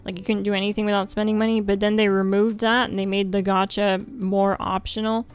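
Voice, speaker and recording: A woman's voice: mid-range voice, flat delivery, fairly quick, clean tone. Chatty French-accented woman streamer. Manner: chatty, laughs often, lots of "like". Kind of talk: casual livestream chat.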